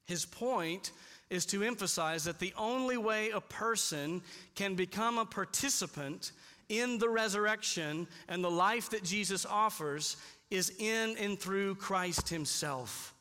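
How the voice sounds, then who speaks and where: High, bright-voiced man preaching a sermon. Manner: emphatic, slows down for key points. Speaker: pastor. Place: church sanctuary. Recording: long hall reverb.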